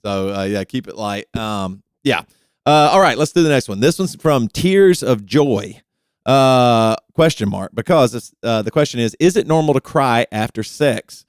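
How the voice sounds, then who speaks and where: A man's voice: mid-range voice, animated, a little slow, smooth, no room sound, studio quality. A man co-hosting a podcast, chatting in an easygoing way, often laughing and restarting his sentences. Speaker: podcast co-host. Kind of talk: casual advice chat.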